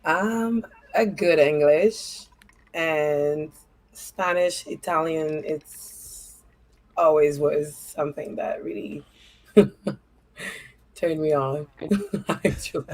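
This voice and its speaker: A woman guest on a casual livestream chat, speaking in a drawn-out, giggly way. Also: low-pitched, a little mellow, low-quality recording.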